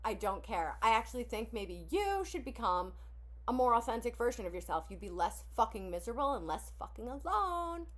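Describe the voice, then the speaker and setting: Reacting to songs in a casual video, a woman sighs often and laughs as she overshares bluntly, candidly and profanely. She sounds very animated, a little fast, high-leaning and a bit bright.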